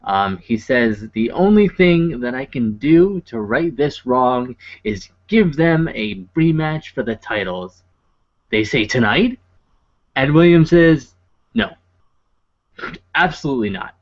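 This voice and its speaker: A man's voice: mid-range voice, animated, slow pace. A man co-hosting a podcast, recapping a show in casual, rambling chat full of fillers and wry asides. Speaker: podcast co-host. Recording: dull lo-fi podcast audio.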